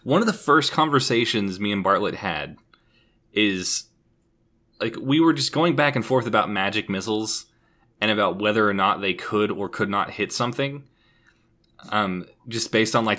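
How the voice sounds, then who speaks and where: A man's voice: on the low side, pushed and bright. A young man casually telling a story on a podcast, swearing freely and laughing often. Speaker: podcast co-host.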